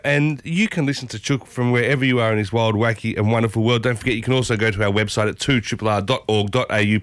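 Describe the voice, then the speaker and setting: An Australian man in his thirties hosts a morning radio show, his voice husky from a sore throat. He talks in a playful, energetic, chatty way. The studio sound is dry and close. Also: mid-range voice, no echo. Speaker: radio host. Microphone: studio microphone.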